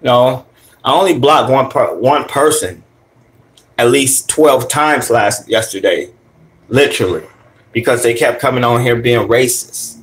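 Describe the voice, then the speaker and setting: A man's voice: medium pitch, fairly bright tone. A young man livestreaming from his phone as he walks to a store, rambling, swearing and answering his chat. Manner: profane, rambling and joking, talks back to chat. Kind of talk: casual livestream talk. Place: out walking to a store, then inside the store.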